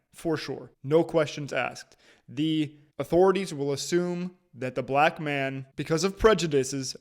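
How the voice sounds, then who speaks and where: A man giving casual, emphatic reaction commentary on a video clip, with restarts now and then. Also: on the high side.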